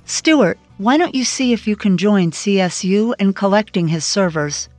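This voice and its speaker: A woman's voice: mid-range voice, lively intonation, normal speed, darkish tone, no echo, faint music behind, natural voice. A woman narrator voicing a brusque woman FBI agent in an audiobook, in a clipped, blunt manner. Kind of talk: audiobook character voice.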